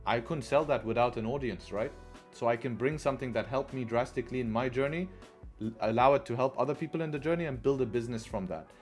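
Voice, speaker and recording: At a quick pace and medium pitch, a male trading stream host talks to viewers over faint music. He's loose and chatty, often tagging his points with "right?" and letting profanity slip in.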